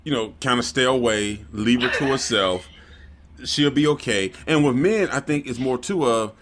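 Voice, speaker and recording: A man co-hosts a podcast with a mid-pitched voice. He keeps things relaxed and conversational, answering with short reactions and easy chuckles. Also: moderate pace. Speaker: podcast co-host. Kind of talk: casual chat.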